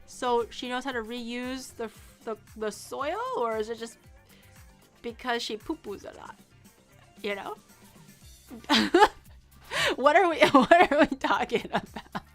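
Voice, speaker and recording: A woman's voice: on the high side, slow pace, pauses often, soft background music. A woman streaming as a VTuber, chatting casually with her viewers in a giggly, rambling way full of restarts. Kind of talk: casual live-stream chat.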